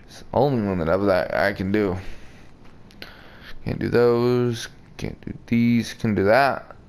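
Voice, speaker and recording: Gravelly slow-talking gamer. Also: male voice, fairly low pitch, steady tone, a little mellow. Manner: joking, crude, talks back to the game. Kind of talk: casual let's play commentary.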